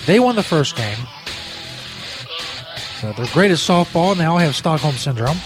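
Man, ranting comedy host, swearing constantly, lively voice swinging up into yells, faint music behind. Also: fairly high pitch, moderate pace. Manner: profane, exasperated ranting, yelling at drivers. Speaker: comedy podcast host playing a frustrated sports broadcaster. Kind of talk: improvised comedy bit.

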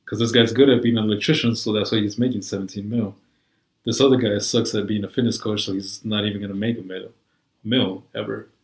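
A man's voice: lowish voice, steady tone, fairly quick, reverberant, rough recording. A man in casual chat, talking in a rambling, profane way full of "like" and "you know".

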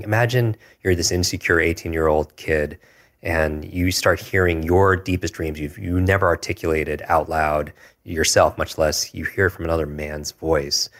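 A man in his forties with an extremely low voice, speaking in a flat, even tone. He tells a personal story earnestly and reflectively as a guest, stopping often to hesitate. His delivery stays steady rather than lively. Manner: earnest, reflective, with frequent hesitations and filler words.

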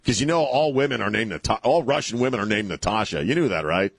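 Sarcastic talk radio host. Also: male voice, fairly low pitch, animated, quick pace, vocal fry, a bit bright, husky, no echo, studio quality. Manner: sarcastic, rambling, laughs at his own jokes. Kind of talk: casual talk radio banter.

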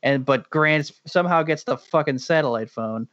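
A man's voice: fairly high pitch, moderate pace, fairly bright tone, no echo. A man from Boston co-hosting a casual comedic movie podcast, riffing sarcastically with plenty of swearing. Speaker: podcast co-host. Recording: dull, dry lo-fi podcast audio.

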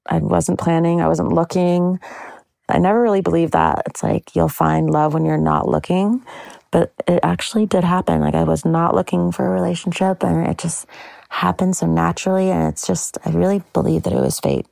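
A young woman chats casually to the camera in a gushing, drawn-out way, full of "like"s. Her voice is low and mellow, with a strong gravelly fry and a breathy edge. She sounds close and dry, with no room around her. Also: no echo. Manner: gushing, slow and drawn-out with frequent "like". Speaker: bride promoting her docuseries. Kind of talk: casual personal talk to camera.

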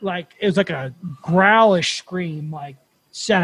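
A man hosting a podcast, telling a campfire story in a casual, animated way and swearing freely. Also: sits high, unhurried, slightly rough. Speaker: podcast host.

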